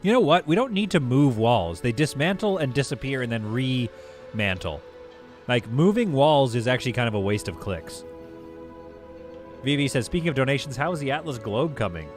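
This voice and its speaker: A man's voice: medium pitch, sing-song, normal speed, soft background music. A man streaming a game live, thinking aloud as he plays, chatting with viewers and laughing easily. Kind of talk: live gameplay commentary.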